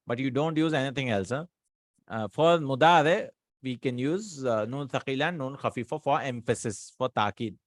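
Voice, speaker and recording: A man's voice: mid-range voice, a bit bright, dry recording, clean studio sound. A man teaching an Arabic grammar lesson in English, reading Arabic lines and checking in with "hmm?" and "right?".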